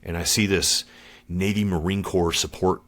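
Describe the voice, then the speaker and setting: A man's voice: sits low, steady tone, normal speed, a bit bright. A middle-aged man, a former Marine guest on a podcast, telling his story in a casual, slangy way and calling the host dude and brother.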